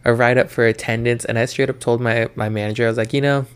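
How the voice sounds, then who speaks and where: A man's voice: mid-range voice, steady tone, quick pace, clean tone. A young man co-hosting a podcast, casually telling work stories full of swearing and acted-out arguments. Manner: storytelling with profanity, acting out work arguments. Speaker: podcast co-host. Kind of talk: casual chat.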